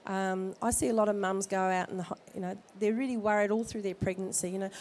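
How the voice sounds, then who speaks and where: Woman, midwife, head cold, mellow voice, joking advice, expo hall, faint background noise. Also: medium pitch, fairly even intonation, brisk, hardly any pauses. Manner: chatty, jokey, direct advice. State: has a cold. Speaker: midwife speaker at a baby expo. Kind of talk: informal talk to expectant parents.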